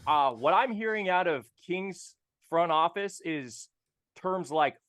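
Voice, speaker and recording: Deadpan high-voiced man guest. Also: slow, clean tone. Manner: deadpan, mock-serious insider talk. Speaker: guest on stream. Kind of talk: casual live-stream chat.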